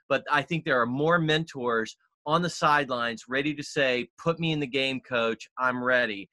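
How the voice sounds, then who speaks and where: Male podcast guest, upbeat storyteller, bright forceful voice, dry close sound. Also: medium pitch, no echo. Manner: energetic, emphatic, storytelling. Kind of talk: enthusiastic interview talk.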